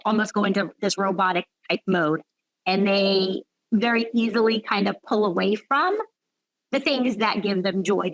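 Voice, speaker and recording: A woman's voice: mid-range voice, no room sound, poor audio. A woman physician talking reflectively in an interview, often adding "right?" and "like" as she thinks aloud. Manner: reflective, frequent "right?" and "like" fillers. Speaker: physician guest. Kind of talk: conversational interview.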